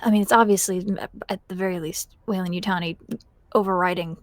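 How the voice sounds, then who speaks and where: A woman playing a tabletop role-playing game, chatting quickly about her character's ideas. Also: lowish voice, fairly even intonation, no echo. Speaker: player. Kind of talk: casual tabletop play.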